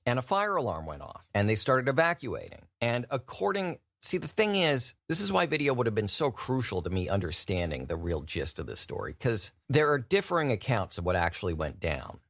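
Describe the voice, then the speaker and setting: A man hosting his own podcast, telling stories in a wry, animated way. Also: medium pitch, a little fast, hardly any pauses, dry recording, studio quality. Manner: wry, animated storytelling with mocking impressions. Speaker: podcast host. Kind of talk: solo podcast monologue.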